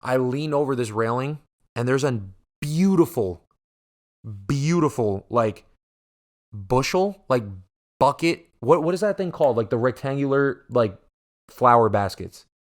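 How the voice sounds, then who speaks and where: A young man hosting a podcast, telling a profane, animated story alone and acting out the voices of the people in it. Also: mid-range voice, moderate pace. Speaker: podcast host. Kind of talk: casual solo storytelling. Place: podcast studio.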